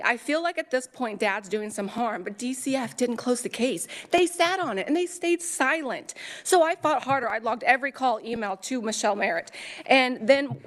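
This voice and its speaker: A woman testifying before a committee as a parent, talking fast and urgently, with indignant emphasis. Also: a little high. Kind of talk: public testimony.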